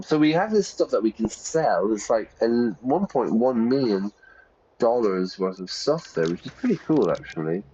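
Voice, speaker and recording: A man's voice: mid-range voice, very animated, moderate pace, mellow, slightly rough, highs cut off, soft background music. A man teaching English casually while playing a game, chatty and often checking in with "yeah?".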